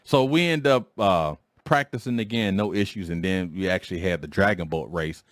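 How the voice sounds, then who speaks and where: A man in his forties hosting a podcast, telling a story in a casual, slangy way and acting out quoted lines in a higher voice. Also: moderate pace, no echo, studio quality. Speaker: podcast host. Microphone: studio microphone.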